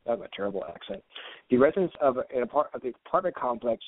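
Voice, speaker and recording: A man's voice: medium pitch, sing-song, fast talker, no echo. A man co-hosting a paranormal news podcast, reading stories and riffing with crude, profane jokes. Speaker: co-host. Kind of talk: casual comedic podcast chat. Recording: tinny, phone-like, dry.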